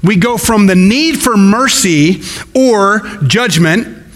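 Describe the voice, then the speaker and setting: A man's voice: high-pitched, animated, slow, a bit bright. A man preaching a sermon as pastor, in a conversational way with folksy asides. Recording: long hall reverb.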